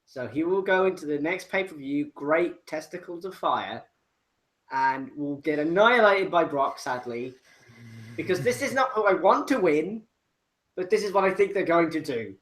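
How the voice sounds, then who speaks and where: A young man co-hosting a casual chat, explaining his view slowly and deliberately. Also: fairly high pitch, expressive, fairly bright tone. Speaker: co-host.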